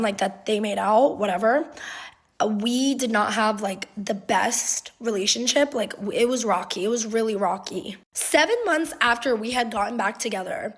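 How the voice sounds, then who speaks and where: A young adult woman telling a story from her own life in a casual vlog, with lots of swearing and constant fillers. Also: a little high. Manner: animated, profane, fillers "like" constantly.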